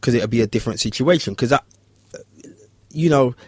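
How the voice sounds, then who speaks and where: A man's voice: a little fast, slightly rough, no echo, clean studio sound. A man, a barber telling a story in casual chat and acting out the voices of the people in it. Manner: animated, acts out voices in high pitch.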